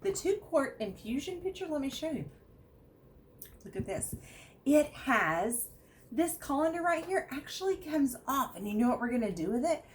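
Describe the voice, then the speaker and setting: Middle-aged woman, bouncy animated pitch, chatty host demo, faint room noise. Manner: chatty, upbeat, lively pitch. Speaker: product demonstrator. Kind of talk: casual product demo.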